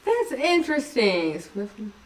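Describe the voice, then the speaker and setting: A woman's voice: a little high, huge pitch swings, measured pace, far from the mic. A woman hosting a casual livestream chat, rambling from topic to topic, giggling often and poking fun at herself. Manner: giggly, rambling, self-mocking. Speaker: livestream host.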